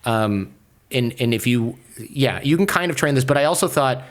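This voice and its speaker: A man guesting on a podcast, recounting a tense story in a loose, conversational way. His voice sits at a middle pitch, and he piles on fillers and quick restarts as he goes, with an animated, storytelling energy. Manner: fast-talking, many fillers and restarts, animated retelling. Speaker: podcaster and lawyer, interview guest. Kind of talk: casual storytelling in a podcast interview.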